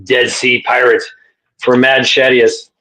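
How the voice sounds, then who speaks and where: A man's voice: medium pitch, little pitch movement, slow, sharp tone, low-quality recording. A man hosting his own livestream, chatting casually with a rambling, laughing delivery. He swears freely and talks in an ordinary mid-range voice. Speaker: livestream host.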